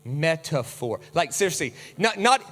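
Animated male preacher in a reverberant hall. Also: on the high side, a little slow. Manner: animated, acts out quoted voices with big swings. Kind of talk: sermon with slides.

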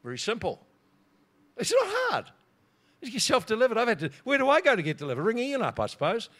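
A middle-aged preacher man, sounding a little higher than most men. He tells a personal story in a sermon, laughing often and restarting his words as he goes. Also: very animated, rapid-fire, a bit bright.

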